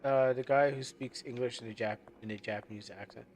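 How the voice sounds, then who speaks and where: A man's voice: mid-range voice, steady tone, a little fast, a little mellow, slight background noise. A man streaming a game live, chatting casually and rambling as he loses his train of thought. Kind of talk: casual live gameplay commentary.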